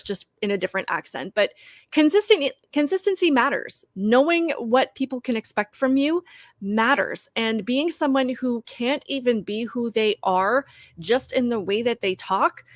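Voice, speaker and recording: A woman's voice: a little high, no echo. Woman giving opinionated commentary, dry sound. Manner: earnest, brisk, talks straight to viewers. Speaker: political commentary host.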